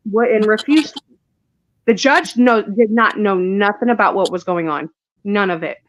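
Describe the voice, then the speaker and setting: A woman's voice: medium pitch, moderate pace, no room sound, rough recording. A woman, a guest in an interview, recounting a painful personal story in a rush, with restarts and asides. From Indiana. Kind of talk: emotional personal account.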